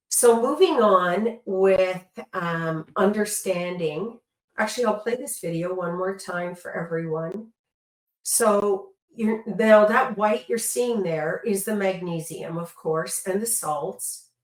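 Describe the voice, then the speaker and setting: A woman trainer walks through a product demonstration at an unhurried pace, earnest and explanatory. She stops to correct herself and restarts thoughts as she goes. Her voice rings in a roomy, echoey space. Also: mid-range voice. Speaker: tattoo removal trainer. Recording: echoey room.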